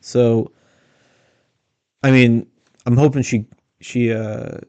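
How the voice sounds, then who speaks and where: A man's voice: medium pitch, fairly even intonation, slow pace, darkish tone, smooth, dry recording. A man giving blunt, critical casual commentary on interview clips. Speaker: political commentator.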